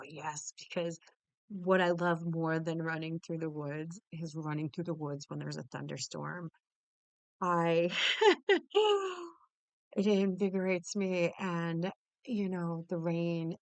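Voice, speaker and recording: A woman's voice: fairly low pitch, vocal fry, no room sound. A woman telling a story in a casual, exuberant way, swearing freely, laughing often and restarting her sentences. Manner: many restarts and repeated words. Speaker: podcast host.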